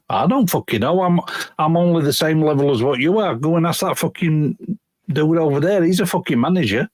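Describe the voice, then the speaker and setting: A man's voice: a little high, a little fast, a little mellow, no echo. A man in casual chat, blunt and swearing. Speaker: podcast co-host.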